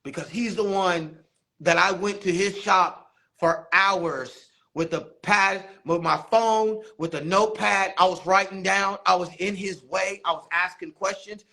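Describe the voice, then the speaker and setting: A man, a barber and basketball coach, telling animated stories in a casual interview, acting out quotes. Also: high-pitched, a little slow, vocal fry. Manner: animated storytelling, laughs often, acts out quotes.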